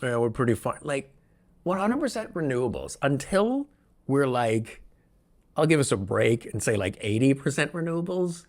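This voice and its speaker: A man hosting a solo podcast, talking in an excitable, rambling, jokey way from a room where he records alone. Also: fairly high pitch. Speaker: podcast host. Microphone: podcast microphone, also filmed.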